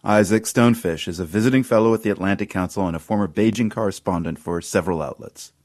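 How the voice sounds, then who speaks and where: A man's voice: fairly low pitch, quick pace, darkish tone. A man hosting a radio interview, putting composed, scripted questions to a guest. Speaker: radio host.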